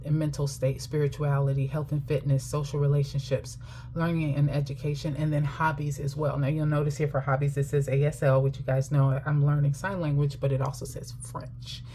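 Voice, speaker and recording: A woman's voice: sits low, dark tone, a little hiss or hum. A middle-aged woman telling a personal story while chatting casually to camera about her finances, laughing often.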